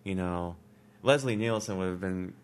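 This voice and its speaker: A man's voice: sits low, moderate pace. A man chatting casually on a film podcast, enthusiastic and rambling with many restarts. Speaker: podcast co-host. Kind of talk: casual movie review chat.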